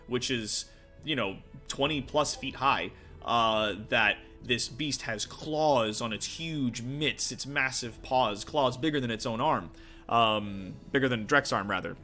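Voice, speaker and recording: A man's voice: mid-range voice, sharp tone. A man narrating a tabletop game as game master, in loose, vivid improvised narration.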